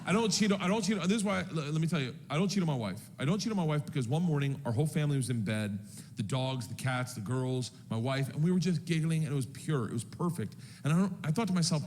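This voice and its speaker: Animated loud stand-up comedian man. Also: a little high, fast. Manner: animated, loud, shouting punchlines. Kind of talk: stand-up storytelling. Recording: noisy live stand-up recording.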